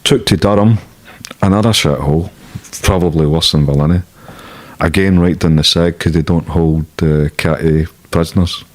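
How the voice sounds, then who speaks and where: Low-voiced Scottish man telling blunt stories. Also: steady tone, moderate pace. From Scotland. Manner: blunt, swearing freely, laughing at his own stories. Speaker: interview guest. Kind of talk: casual storytelling interview.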